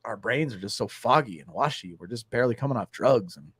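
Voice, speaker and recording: A man's voice: medium pitch, animated, fast talker, a bit bright, slightly rough, no echo. A man co-hosting a casual recovery livestream, jokey and encouraging. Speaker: recovery group co-host.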